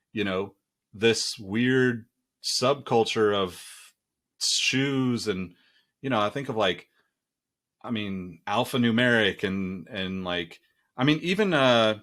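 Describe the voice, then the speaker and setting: Male host, easygoing, rambles with fillers, lower-pitched voice. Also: measured pace, fairly bright tone. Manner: laid-back, many fillers like "like" and "you know". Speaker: interview host. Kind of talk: casual interview chat.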